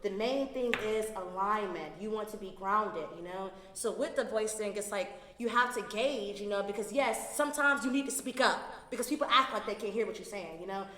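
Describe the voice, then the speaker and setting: Young woman from Atlanta, podcast guest, earnest and explanatory, mid-pitched, roomy echoing recording. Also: a little fast, few pauses, a bit bright. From Atlanta, Georgia. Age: 20s. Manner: earnest, explaining wellness ideas at length. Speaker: podcast guest, wellness entrepreneur. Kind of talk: casual podcast chat. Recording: echoey room with long reverb.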